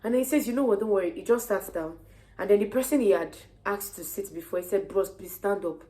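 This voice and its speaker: A young woman with a Nigerian accent, heavily pregnant, casually retelling her day to camera in an animated way. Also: medium pitch, quick pace. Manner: lively, animated retelling of conversations. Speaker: vlogger.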